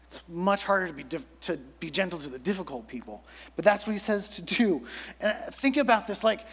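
High-voiced young man preaching in a hall. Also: lively intonation, normal speed, breathy edge. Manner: conversational, lots of "like" fillers, acts out quotes. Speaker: pastor. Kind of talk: sermon. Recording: long hall reverb.

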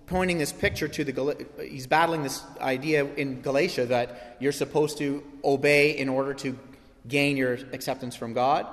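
A man preaching a sermon as pastor, telling stories in an animated, lively way. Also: medium pitch. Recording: long hall reverb.

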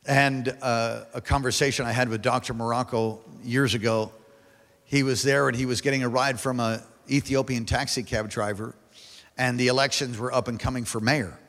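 A male pastor preaching a sermon to a large congregation, building to loud emphatic peaks and calling for responses. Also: mid-range voice, fairly even intonation, moderate pace. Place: large church hall. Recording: long hall reverb.

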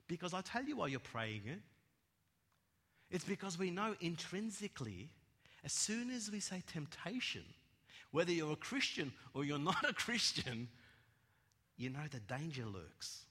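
A man preaching a sermon, emphatic and repetitive, swinging between loud declarations and hushed words. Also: on the high side, big pitch swings, unhurried, slightly rough. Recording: echoey hall, long reverb.

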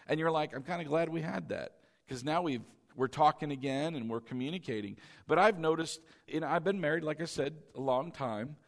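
Animated middle-aged male pastor preaching. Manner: animated preaching, rising to loud emphasis then dropping low and confiding. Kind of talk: sermon.

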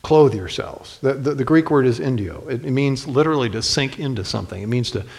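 A man's voice: mid-range voice, lively intonation, fairly quick, creaky, darkish tone, long reverb tail. A man preaching a sermon in a folksy storytelling manner, speaking directly to the men in the congregation. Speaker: pastor.

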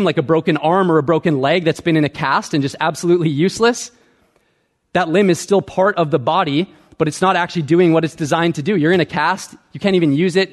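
A man preaching a sermon as pastor, teaching earnestly and checking in with the congregation. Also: a little high.

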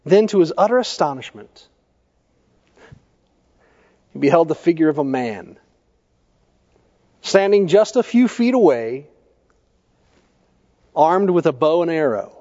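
A man's voice: a little high, sing-song, dark tone. Man preaching in an echoey hall. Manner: measured storytelling preaching, posing questions to the congregation. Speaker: pastor. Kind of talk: sermon. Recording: echoey church hall, dull lo-fi sound.

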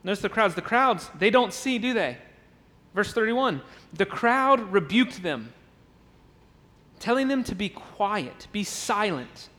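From the pulpit of a church sanctuary, a pastor with an unusually high voice for a man preaches slowly, stressing points with emphasis and repetition and sometimes acting out a crowd's voices. His delivery is pushed, bright, and lively in intonation, trailed by the hall's long reverb.

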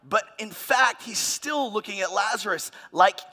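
A man preaching a sermon, expressive and dramatic, acting out the voices he quotes with sudden swings in pitch and loudness. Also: a little slow. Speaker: pastor.

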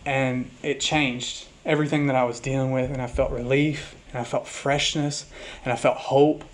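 A man preaching a sermon as pastor, speaking earnestly and openly about a hard week, at times reading hymn lines slowly and softly. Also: medium pitch, level tone.

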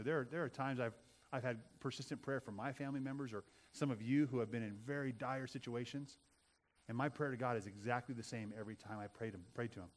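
A middle-aged man preaching a sermon in an earnest way, repeating phrases for emphasis and swelling to loud passages. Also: mid-range voice, steady tone, fast talker. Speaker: pastor.

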